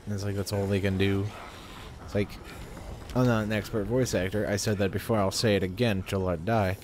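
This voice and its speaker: A man's voice: on the low side, fairly even intonation, a little fast, darkish tone, a little hiss or hum. A man giving chatty, rambling commentary while he plays a video game, often talking to himself. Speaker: gamer. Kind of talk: let's play commentary.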